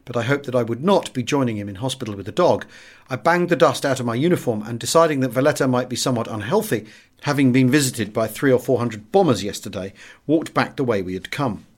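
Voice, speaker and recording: A man reading a first-person wartime memoir aloud as an audiobook, with a measured and expressive delivery. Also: mid-range voice. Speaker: audiobook narrator.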